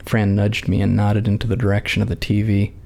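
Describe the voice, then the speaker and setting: A man calmly reading a short story aloud in a measured narrating voice. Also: fairly low pitch, vocal fry.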